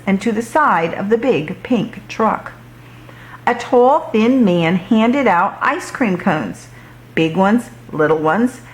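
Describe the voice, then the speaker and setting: Slow, expressive woman reading aloud. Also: medium pitch. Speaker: children's book reader. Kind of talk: children's read-aloud.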